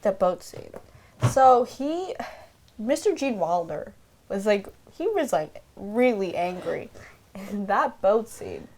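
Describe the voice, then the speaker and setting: A woman co-hosting a podcast in casual chat, playful and quick to act out characters, with lots of "like". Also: mid-range voice, big pitch swings, a little mellow. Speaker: podcast co-host.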